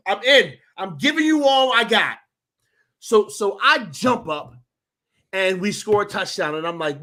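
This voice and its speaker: A man co-hosting a casual sports chat, loud and hyped, swearing and repeating himself. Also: high voice, sing-song, measured pace. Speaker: podcast co-host.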